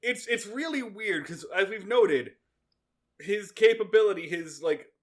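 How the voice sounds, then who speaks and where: A man's voice: sits high, animated, unhurried. A man co-hosting a podcast in casual, rambling, profane joking chat. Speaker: podcast co-host.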